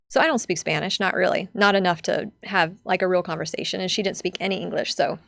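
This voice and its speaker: Young woman guest, kinda gravelly fry, chatty and earnest, dry close sound. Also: on the low side, fairly even intonation, quick pace, few pauses, fairly bright tone, no echo. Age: young adult. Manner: heartfelt, chatty, full of fillers. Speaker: podcast guest. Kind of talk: casual personal storytelling.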